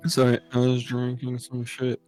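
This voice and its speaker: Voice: medium pitch, completely flat delivery, moderate pace, a little mellow, soft background music. A game player chatting casually while playing, laughing, swearing and bantering. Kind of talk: casual gaming chat.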